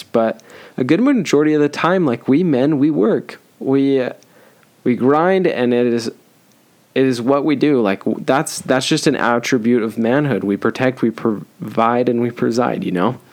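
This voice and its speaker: A young man talks through his solo podcast in a relaxed, joking way. He stumbles and restarts often, filling pauses with ums. His voice sits at an ordinary middle pitch. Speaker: podcast host. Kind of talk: casual solo podcast advice.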